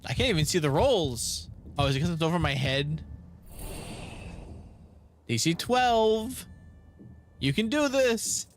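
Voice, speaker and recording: A man's voice: a little high, sing-song, slow pace, long pauses, slight background noise. A young man playing a game on video, reading its text aloud and reacting with laughs and groans at failed rolls. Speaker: gaming video creator.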